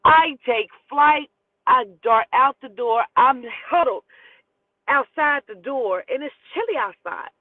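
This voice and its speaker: Lady telling a wild story, high voice, swears a lot, does all the other voices, sounds like it's over a phone. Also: takes it slowly, no echo. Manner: animated, profane, acts out the dialogue. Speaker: storyteller host. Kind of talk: casual personal storytelling. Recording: dry, phone-like thin sound.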